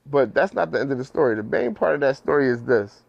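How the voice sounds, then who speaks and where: Gravelly-voiced man telling a story. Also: medium pitch, fast, no room sound, dull audio. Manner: animated, slangy, acts out quoted voices. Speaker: podcast host. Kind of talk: casual storytelling.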